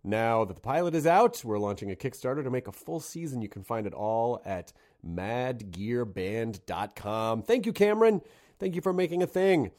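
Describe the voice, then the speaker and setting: A man's voice: mid-range voice, animated, moderate pace, a little mellow. A man hosting a podcast, reading plugs and listener mail in a rambling, self-correcting way and laughing easily with his guest. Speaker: podcast host. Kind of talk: casual podcast chat.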